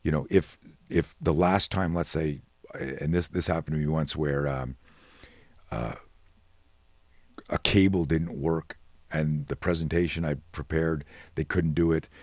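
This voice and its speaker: A middle-aged man, a guest on a podcast interview, telling stories in an animated way and acting out the dialogue. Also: a bass voice. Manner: animated, acts out dialogue with quick voice changes. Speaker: guest, self-defense expert.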